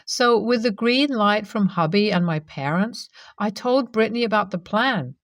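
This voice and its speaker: A woman narrates a first-person story in a steady, even reading voice. Her pitch sits in the middle of the range. The recording is close and dry, with no room sound. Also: normal speed, no room sound.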